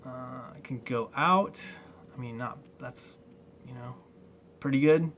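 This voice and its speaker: A man talking through a toy review at an unhurried, drawn-out pace. He rambles and halts often, with plenty of fillers. A faint hiss of background noise sits behind his voice. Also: medium pitch, fairly bright tone. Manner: rambling, halting, many fillers. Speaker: toy collector vlogger. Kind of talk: casual unboxing review.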